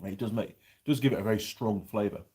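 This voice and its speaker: A middle-aged man hosts a casual live-chat vlog reviewing pies, rambling and reading viewer comments aloud as he eats. His voice is fairly low and warm, and he talks at a quick pace.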